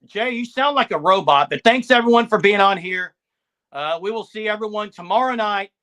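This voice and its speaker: A man's voice: high-pitched, moderate pace, bright, forceful tone. A man co-hosting a live sports podcast, speaking in an insistent, defensive way and repeating words as he pushes his point. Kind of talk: casual live-stream sports talk.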